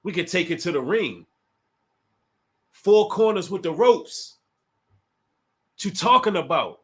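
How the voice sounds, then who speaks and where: A man's voice: sits high, animated, measured pace, a bit bright. A man from the Washington, D.C. area hosting a casual livestream, taunting a rival and talking straight to his chat. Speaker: livestream host.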